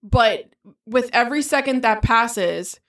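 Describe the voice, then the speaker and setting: A woman in her thirties, telling a story in casual chat, animated and swearing freely. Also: fairly high pitch, a little slow.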